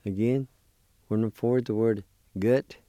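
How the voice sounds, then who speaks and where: A man gives a radio language lesson, spelling out words letter by letter and repeating syllables with patience. His voice is low, warm and smooth. He talks very slowly, and the studio sound is dry and close. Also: fairly even intonation, no room sound. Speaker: language teacher and radio host. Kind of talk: slow spelling and pronunciation lesson.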